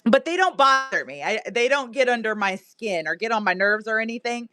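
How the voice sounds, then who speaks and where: A woman's voice: on the high side, animated, fairly quick, sharp tone. A woman selling on her live stream, chatting casually, laughing often and answering her viewers' comments. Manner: laughs often, chatty and amused, reads chat aloud. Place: her home, indoors.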